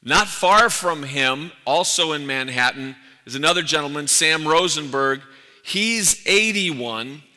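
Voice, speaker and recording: A male pastor with a forceful, bright, slightly high voice, preaching with earnest repeated emphasis. His words ring out with long reverb in a large church sanctuary. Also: animated, a little slow. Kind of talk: sermon. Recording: echoey church hall.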